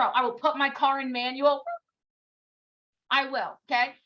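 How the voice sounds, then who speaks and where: A woman's voice: high-pitched, little pitch movement, a little slow, pushed and bright, muffled recording. A woman giving a casual motivational talk on a live stream, blunt and scolding, firing off rhetorical questions and swearing casually. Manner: swears casually, self-mocking. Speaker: team leader giving a live pep talk.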